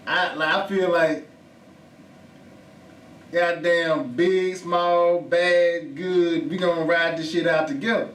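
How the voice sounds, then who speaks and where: A man's voice: a little high, fairly even intonation, takes it slowly, long pauses, fairly bright tone, reverberant, recorded from a distance. A man co-hosting a podcast, speaking in casual, emphatic and profane banter. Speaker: podcast co-host. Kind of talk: casual chat.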